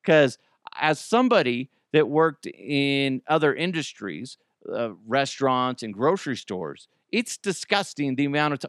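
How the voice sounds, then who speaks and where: A man's voice: medium pitch, measured pace, clear, resonant tone, no room sound, clean studio sound. A man hosting a comedy news podcast, talking in a casual joking way with sudden swearing outbursts, at home. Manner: animated, swears, jokey outbursts. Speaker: podcast host.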